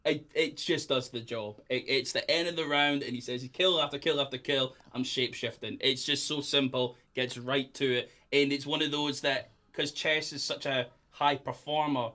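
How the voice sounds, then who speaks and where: A Scottish man hosting a casual podcast chat, animated and quick to laugh, often acting out quoted lines. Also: medium pitch. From Scotland. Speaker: podcast host.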